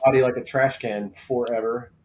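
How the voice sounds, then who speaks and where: A man's voice: medium pitch, fairly even intonation, normal speed, darkish tone, a little hiss or hum. Joking male live-stream host. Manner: joking, rambling, reads things out as he looks them up. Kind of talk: casual live draft-show chat.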